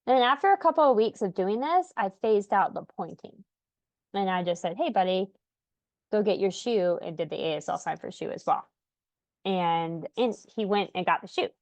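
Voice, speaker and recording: A young woman talks to parents as a podcast host and coach, relaxed and conversational, with a soft laugh here and there. Her voice sits at an everyday pitch for a woman. The sound is close and dry, with no room echo. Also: normal speed. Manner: encouraging, conversational, with light laughs. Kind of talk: casual podcast talk.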